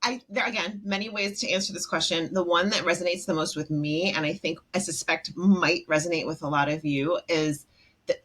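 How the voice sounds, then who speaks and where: A middle-aged woman speaking as a guest expert in a casual podcast interview, animated and acting out her own self-talk. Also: lowish voice, a little fast, breathy edge.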